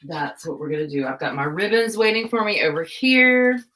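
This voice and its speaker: A woman's voice: medium pitch, expressive, moderate pace, fairly bright tone. A young woman chatting casually through a live craft stream, scatterbrained and self-deprecating, laughing often at herself. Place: home craft room.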